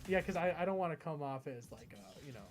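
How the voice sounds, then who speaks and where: A man's voice: on the high side, animated, quick pace. An American man streaming live, chatting with his viewers in a rambling, chatty way. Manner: rambling and chatty, often reading chat aloud. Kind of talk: casual live-stream chat. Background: background music.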